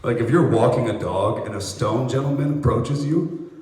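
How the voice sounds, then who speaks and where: A man's voice: medium pitch, moderate pace. A young American man doing a loose, crowd-working stand-up set, slipping into voices for bits. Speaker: stand-up comedian. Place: outdoor apartment complex courtyard. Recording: echoey, distant, noisy live recording.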